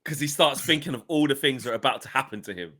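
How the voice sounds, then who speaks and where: A man chatting casually as a football fan pundit, animated, swearing and acting out his friends' voices. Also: medium pitch, fast.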